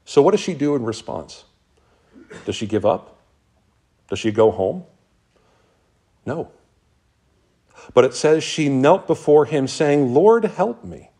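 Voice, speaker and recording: A man preaching a sermon as pastor, reading scripture passages aloud with earnest, dramatic pauses. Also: medium pitch, dark tone.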